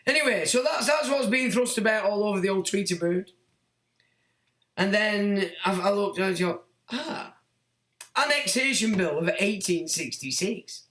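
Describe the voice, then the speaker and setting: A man's voice: high-pitched, a bit bright. A middle-aged man hosting a livestream, reading out chat comments and ranting in a blunt, crude, mocking way with plenty of swearing. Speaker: livestream host. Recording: echoey room.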